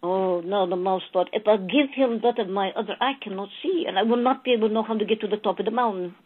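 A woman channeling a spiritual message, telling a fable slowly and calling her listeners beloved souls. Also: mid-range voice. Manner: slow, storytelling, addressing listeners as beloved souls. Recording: tinny phone-like audio.

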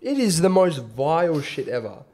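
Young male co-host, mid-pitched, easygoing, slangy storyteller in casual chat. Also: moderate pace, darkish tone. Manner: laid-back storytelling, slangy. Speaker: podcast co-host.

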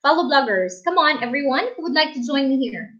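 Woman, high voice, chatty live-stream host, muffled lo-fi audio. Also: animated, brisk, fairly bright tone. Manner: chatty, laughs often, reads viewer comments aloud. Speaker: livestream host. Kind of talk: casual livestream chat.

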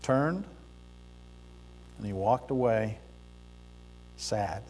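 A man preaching a sermon in a church sanctuary, speaking deliberately with pauses and the odd filler as he tells a story. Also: lowish voice, animated, darkish tone, a little hiss or hum. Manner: slow, deliberate delivery with pauses and occasional fillers. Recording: reverberant church hall.

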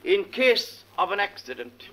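Give me a genial Irish duellist, bright and high-voiced. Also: male voice, big pitch swings, exaggerated voice. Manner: genial, unhurried, dryly ironic. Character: cool Irish duelling gentleman, breezy and genial. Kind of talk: stage play audio recording.

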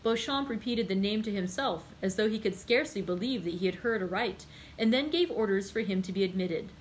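A woman librarian reading a classic novel aloud, steady and unhurried, correcting her own slips. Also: medium pitch, slight background noise, poor audio. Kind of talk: book read-aloud narration.

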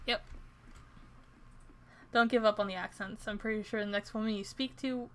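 A woman's voice: on the high side, moderate pace, sharp tone. A woman streaming a farming game, chatting casually and joking at her own expense. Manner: chatty and self-deprecating. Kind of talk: let's-play commentary.

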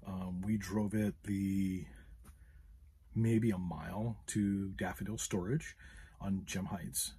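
Low husky guy ranting through a story on his podcast, lots of ums. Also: warm tone. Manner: frustrated, retelling a complaint with many fillers. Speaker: podcast host. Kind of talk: casual storytelling monologue.

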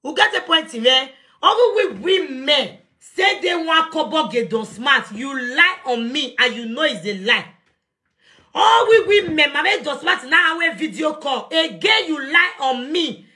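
A woman's voice: high voice, expressive, measured pace, pushed and bright. A young adult woman with a Nigerian accent, ranting defiantly on a live stream from her phone, confronting someone and raising her voice at times. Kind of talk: heated live rant.

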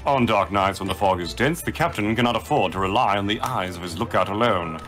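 A man voicing a pompous, eccentric gentleman detective in grandiose, theatrical game dialogue. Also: fairly low pitch, a little fast, natural voice. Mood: lecturing. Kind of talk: reading game dialogue aloud with friends.

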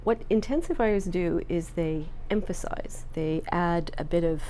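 A woman's voice: on the low side, unhurried, mellow, slight background noise. A middle-aged woman from Canada, a language researcher, explaining her findings with enthusiasm in a filmed interview. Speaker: linguistics researcher.

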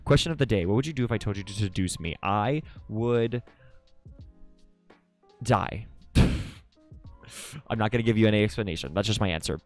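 A man streaming live while drawing, chatting casually with viewers, excitable, swearing a lot and laughing often. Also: mid-range voice, moderate pace, faint music behind.

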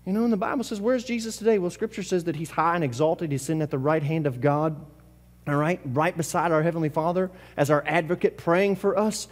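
A male pastor preaching a sermon with passion, repeating phrases and swinging from loud bursts to hushed lines. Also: a little high, brisk, in a large hall. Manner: impassioned preaching with repetition and sudden swings between loud and hushed. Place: church service.

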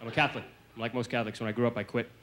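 A man from the American South doing a stand-up comedy routine on a TV stage, with a brisk, punchy delivery. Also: medium pitch, flat delivery. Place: comedy stage before a live audience. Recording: noisy 1980s TV stage recording.

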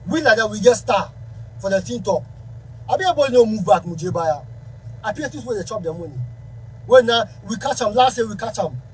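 A man's voice: high-pitched, expressive, a little fast, slight background noise, low-quality recording. A man speaking Ghanaian Pidgin English, a musician ranting angrily to camera in a heated, confrontational way. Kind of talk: angry rant to camera.

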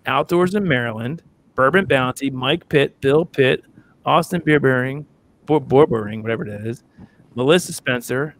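A man's voice: mid-range voice, fairly bright tone, a little hiss or hum. A man co-hosting a casual livestream, joking and a bit flustered as he reads viewer names off a list. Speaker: co-host.

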